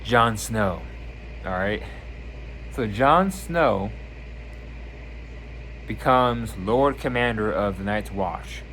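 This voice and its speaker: A man casually reviewing a TV season on his channel, retelling scenes with lively energy and acting out lines. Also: on the low side, very slow, long pauses, slight background noise. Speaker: video reviewer.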